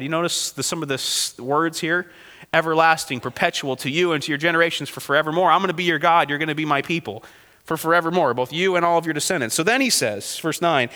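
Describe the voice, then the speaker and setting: Reading scripture aloud between casual remarks, a man teaches a Bible passage verse by verse and tosses his listeners offhand rhetorical questions. His voice is a little high, a little fast, pushed and bright, with long hall reverb behind it.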